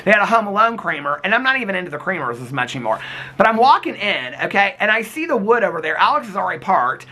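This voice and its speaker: A man's voice: high voice, big pitch swings, fast talker, pushed and bright. A man vlogging in a casual, chatty way, reading viewer comments aloud and teasing commenters by name, calling them honey and sweetheart. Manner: gossipy, calls people honey and sweetheart.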